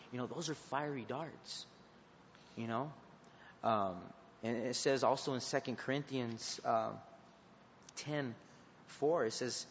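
A man preaching to students in a halting, earnest way, stopping and restarting often. His voice sits at an ordinary pitch and comes through slightly dull and muffled. A long reverb trails behind him in a large hall, with faint noise underneath. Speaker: youth preacher. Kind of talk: informal sermon and prayer.

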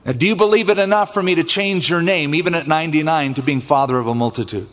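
Expressive preaching man, long reverb. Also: a little high, quick pace. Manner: expressive preaching that acts out scripture voices. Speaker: pastor. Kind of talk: sermon.

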